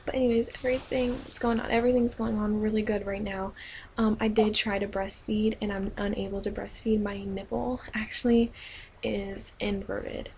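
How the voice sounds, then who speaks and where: Soft-spoken young woman, gravelly and flat. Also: medium pitch, slight background noise, low-quality recording. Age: young adult. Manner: rambling, many ums and restarts, soft. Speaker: vlogger and new mother. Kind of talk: casual talk to camera.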